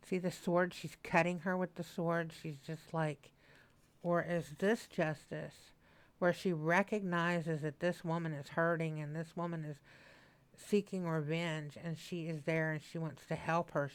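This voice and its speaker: A woman's voice: deep voice, clear, resonant tone. A chatty woman in her sixties reading tarot. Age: 60s. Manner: animated, repetitive, emotional. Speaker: tarot reader. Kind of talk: casual channeled tarot reading. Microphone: mic that she moves away from at times.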